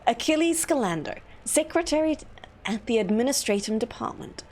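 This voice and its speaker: A woman's voice: fairly high pitch, lively intonation, normal speed, a little mellow, slight background noise, lightly acted. A woman voicing a villain-coded male secretary who speaks with formal, fawning politeness in a raised voice. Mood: smooth.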